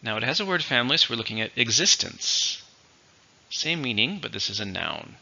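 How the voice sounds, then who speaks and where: A man teaching English vocabulary, speaking slowly and deliberately and repeating each word for pronunciation. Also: mid-range voice, big pitch swings, creaky, sharp tone, muffled recording. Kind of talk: vocabulary lesson with dictation.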